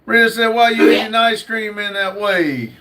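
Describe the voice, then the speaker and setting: A man's voice: high voice, normal speed, heavy background noise. A man hosting a casual livestream, reading viewer comments aloud with lots of fillers. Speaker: livestream host reading chat.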